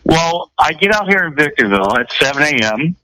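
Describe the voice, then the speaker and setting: Older male radio co-host, bright voice, animated storyteller. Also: fairly high pitch, fairly quick, no echo, rough recording. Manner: rambling, animated anecdote telling. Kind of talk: casual storytelling chat.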